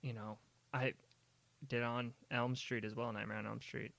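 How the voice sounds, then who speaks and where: A man's voice: mid-range voice, flat delivery, moderate pace, vocal fry, a bit bright, no echo. A young man co-hosting a podcast, chatting casually and rambling about movies, saying "man" and "like" a lot. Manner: laid-back, rambling, says "man" and "like" often. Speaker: podcast co-host. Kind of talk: casual chat.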